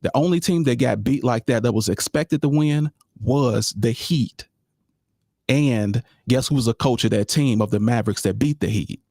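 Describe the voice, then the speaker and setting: A man's voice: medium pitch, normal speed, dark tone, no echo, clean studio sound. A man hosting a live podcast in a casual, chatty way, talking sports and often addressing listeners directly. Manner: laid-back, repeats phrases, addresses listeners as y'all. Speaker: podcast host.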